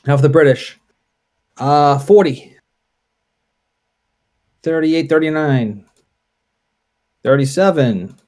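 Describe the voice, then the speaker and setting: A man playing a tabletop wargame, calling out dice results and unit moves in a relaxed, deliberate way. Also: a little high. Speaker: wargame player. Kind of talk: casual play-through commentary.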